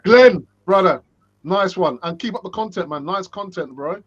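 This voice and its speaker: Male podcast host, fairly high voice, chatty, dull lo-fi audio. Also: lively intonation, normal speed, breathy edge. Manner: chatty, hands out shout-outs. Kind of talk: casual football chat.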